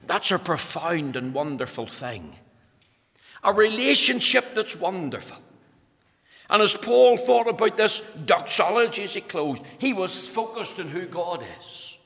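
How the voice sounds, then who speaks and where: Preacher guy, bright ringing voice, big church echo. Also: fairly high pitch, lively intonation, slow, pauses often. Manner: fervent, rising to urgent emphasis. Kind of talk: sermon. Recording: long church reverb.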